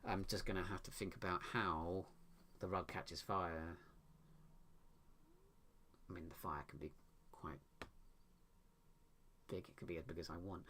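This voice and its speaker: A man's voice: deep voice, steady tone, unhurried, long pauses, a little hiss or hum. A man writing a story live, muttering and correcting himself as he reads his sentences aloud. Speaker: author writing a book live. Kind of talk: thinking aloud while drafting prose. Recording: loud keyboard typing throughout. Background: keyboard clicks and typing.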